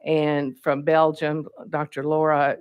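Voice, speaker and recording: A legislator with a Southern accent testifies before a committee from the podium, speaking in an ordinary middle register. The delivery is earnest and formal but halting, with frequent fillers and restarted phrases. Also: medium pitch, completely flat delivery, clear, resonant tone, lo-fi sound. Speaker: bill sponsor, legislator. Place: legislative hearing room. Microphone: podium microphone.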